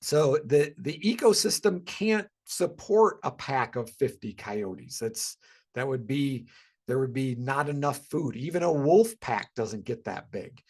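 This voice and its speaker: A man's voice: medium pitch, animated, a little slow, darkish tone. A man giving a casual educational webinar talk about wildlife, conversational and full of ums and restarts.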